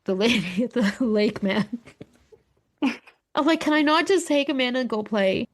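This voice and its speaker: A podcast co-host in her forties tells a story at full tilt. Her pitch swings wildly as she acts out every line of dialogue, with swearing and laughter all the way through. Her voice sits a little high for a woman. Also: normal speed. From Alberta, Canada. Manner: animated storyteller, swears freely, acts out quotes, laughs often. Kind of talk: casual chat.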